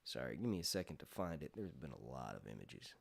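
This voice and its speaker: Animated, rambling male live streamer. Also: extremely low pitch, fast talker, vocal fry. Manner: rambling, laughs often, swears freely. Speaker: YouTube host. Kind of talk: casual live stream chat.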